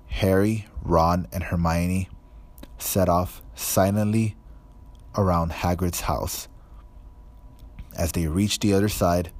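Slow, deep-voiced male audiobook narrator. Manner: measured, even storytelling. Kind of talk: scripted narration.

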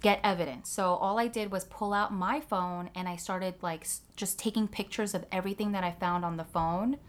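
A woman talks in a relaxed, candid chat, telling a personal story. She swears freely and leans on "like" as a filler throughout. Her voice sits at a middling pitch. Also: moderate pace. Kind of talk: casual chat.

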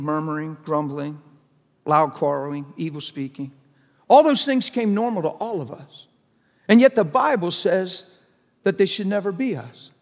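A middle-aged man preaching a sermon to a congregation, conversational and jokey, pressing the crowd with questions. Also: on the high side. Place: large church hall before a congregation. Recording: long hall reverb.

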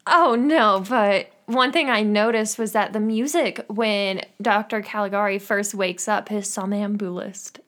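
A woman's voice: mid-range voice, a little slow, hardly any pauses, a bit bright. A young adult woman co-hosting a podcast in casual chat, hesitant and giggly with many fillers. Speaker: podcast co-host.

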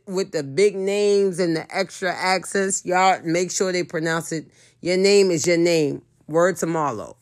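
Low-pitched woman, frank and profane, casual solo talk. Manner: blunt, profane, emphatic. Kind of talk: casual monologue.

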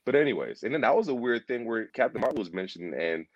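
A fast-talking man of medium pitch chats casually about a TV series with animated rambling, repetition, and acted-out quotes. The pop culture discussion is captured in a dry recording with dull audio.

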